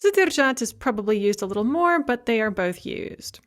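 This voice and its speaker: A woman's voice: a little high, lively intonation, moderate pace, fairly bright tone. A woman teaching a recorded language lecture, explaining grammar methodically and carefully pronouncing example words. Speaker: Russian language instructor.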